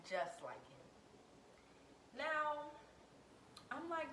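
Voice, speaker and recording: A young adult woman telling a personal story to camera in a dramatic, animated way, full of slang. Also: unhurried. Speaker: vlogger. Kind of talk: storytime vlog. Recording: echoey room, faint rumble.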